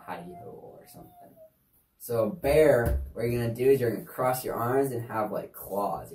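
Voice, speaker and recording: A woman's voice: extremely low pitch, mellow. A woman casually demonstrating sign language signs for a kids' lesson, chatty and easygoing with offhand asides. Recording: echoey room, distant mic.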